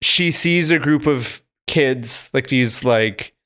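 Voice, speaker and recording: A man's voice: medium pitch, slow pace, pushed and bright, clean tone. A man co-hosting a casual film podcast, retelling movie scenes and acting out the characters' lines as he goes. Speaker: podcast co-host.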